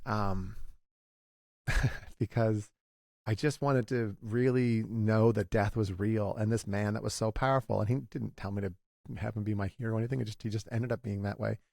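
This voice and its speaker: A man in his forties speaks as a guest in a candid conversation, his low voice rough with fry. He talks in a halting, confessional way, often circling back and restarting. The sound is dry and close. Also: steady tone, a little mellow, no echo. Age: 40s.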